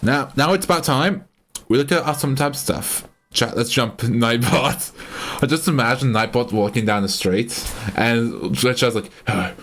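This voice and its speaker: A man's voice: mid-range voice, a little slow, a bit bright. An Australian man chatting casually on a live stream, rambling and often cutting himself off mid-sentence. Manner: rambling, self-interrupting, chatty.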